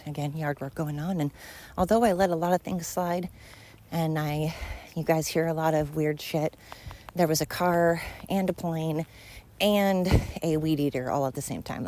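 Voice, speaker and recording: A woman's voice: low voice, normal speed, warm tone. Breathless middle-aged woman podcasting on a walk. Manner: chatty, blunt, self-mocking, swears freely. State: out of breath while walking uphill. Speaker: podcast host. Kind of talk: casual rambling monologue. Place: outdoors walking, yard work noise around.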